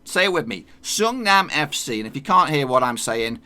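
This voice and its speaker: A man's voice: mid-range voice, lively intonation, quick pace, pushed and bright. A man hosting a football channel, talking in a chatty, jokey way with plenty of slang. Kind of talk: casual football vlog.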